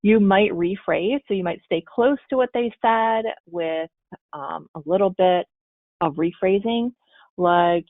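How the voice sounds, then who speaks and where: A woman's voice: deep voice, gravelly, no room sound. A woman presenting a training webinar, explaining step by step and giving spoken examples. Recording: tinny phone-like webinar audio.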